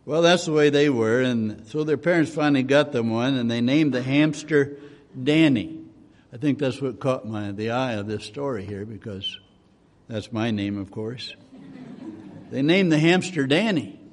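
A man's voice: mid-range voice, moderate pace. Folksy male preacher in a reverberant hall. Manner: folksy, homespun storytelling with restarts. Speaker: pastor. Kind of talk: sermon.

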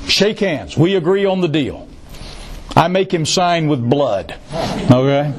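A man's voice: on the high side, sing-song, measured pace, a little hiss or hum. A male pastor preaching a sermon, who repeats key phrases for emphasis and adds joking asides.

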